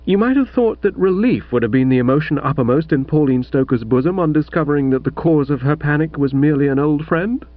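A man's voice: on the high side, fairly quick, hardly any pauses. A man narrating a comic first-person novel with wry, mock-grand storytelling, in a slightly muffled audiobook recording.

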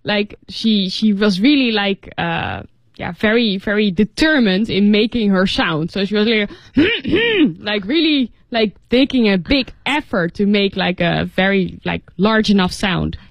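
A woman's voice: medium pitch, a little slow, creaky, no echo, highs cut off. A woman co-teaching English in a radio studio, explaining words in a loose, casual way full of filler words.

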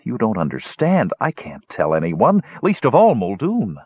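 A man's voice: lowish voice, huge pitch swings, moderate pace, husky, no echo, voice pushed up, exaggerated voice. A man voicing a grieving, guilt-stricken young male dwarf in an audiobook. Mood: anguished. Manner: anguished. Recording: dull, dry lo-fi recording.

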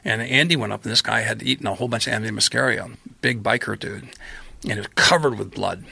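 A man guest on a podcast telling a long story in casual chat, acting out his own past lines with lively quoted voices. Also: fairly low pitch, fast talker, vocal fry, breathy edge, no echo.

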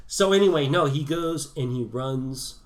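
A man in his late thirties co-hosting a podcast in casual chat, adding quick agreements and laughs. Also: a little high, over a noisy crowd. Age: late 30s. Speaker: podcast co-host.

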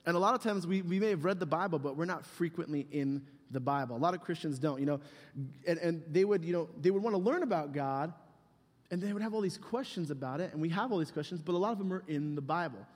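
A man's voice: fairly high pitch, fast. A man giving a casual, humorous youth sermon, rambling and joking with lots of fillers. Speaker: youth pastor. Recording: long hall reverb.

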